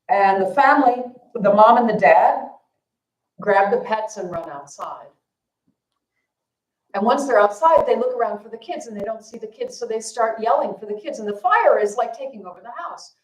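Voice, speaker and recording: A woman's voice: fairly high pitch, expressive, normal speed, long pauses. A woman dharma teacher telling a story at a family service, casual and self-deprecating, with fillers. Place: temple hall. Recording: echoey temple hall.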